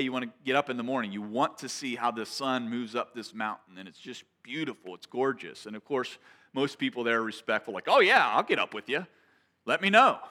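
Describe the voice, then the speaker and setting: Bright-voiced man preaching a sermon. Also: mid-range voice. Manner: conversational storytelling, animated and earnest. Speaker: pastor.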